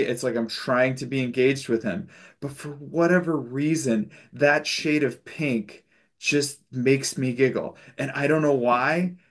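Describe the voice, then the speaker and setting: A man leading a spiritual discussion group on a video call, telling stories in a loose, chatty way with fillers and restarts and an occasional chuckle. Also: medium pitch. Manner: loose storytelling with frequent fillers and self-corrections.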